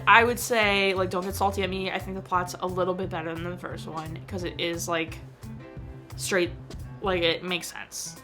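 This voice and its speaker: A woman's voice: mid-range voice, little pitch movement, normal speed, sharp tone, soft background music. A young woman vlogger chatting casually about a film she watched, full of fillers and emotional asides. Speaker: movie review vlogger. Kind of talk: casual chat.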